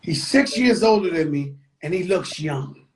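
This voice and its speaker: A man's voice: a little high, expressive, measured pace, slight background noise. A man hosting a talk show, chatting casually, with blunt, profane remarks and preachy asides. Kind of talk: casual chat.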